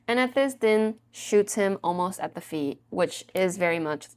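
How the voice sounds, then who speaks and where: A woman's voice: mid-range voice, very animated, moderate pace, hardly any pauses. A woman casually recapping a show against its book, chatty, full of "like" fillers and the odd swear.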